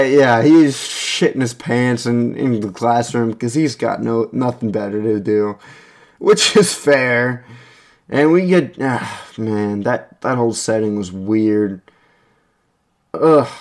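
A young man casually telling a rambling, profane personal story, with lots of restarts and chuckles. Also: mid-range voice. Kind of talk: casual anecdote monologue.

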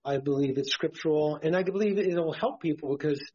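A man's voice: fairly high pitch, fairly quick, darkish tone, slightly rough. A tired man co-hosting a Christian podcast, rambling and stammering as he preaches in casual talk. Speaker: podcast co-host. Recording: dull lo-fi podcast audio.

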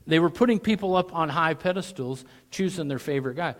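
A middle-aged male pastor preaching a sermon, animated, his voice rising sharply when he mocks with sarcasm, often clearing his throat. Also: fairly high pitch, fairly quick.

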